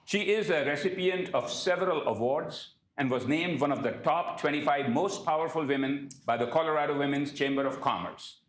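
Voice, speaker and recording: A man with a slightly raised pitch reads a formal introduction for a guest speaker. His voice rings through a roomy, echoing lecture hall, measured and prepared. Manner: reads from prepared remarks, occasional slips. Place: university event hall.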